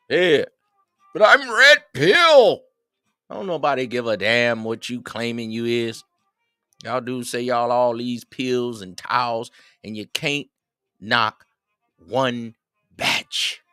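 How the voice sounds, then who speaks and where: A man's voice: mid-range voice, bright, forceful tone, clean tone, dry recording. A man hosting a livestream, rambling casually and chatting with his viewers in a streetwise manner. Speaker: livestream host.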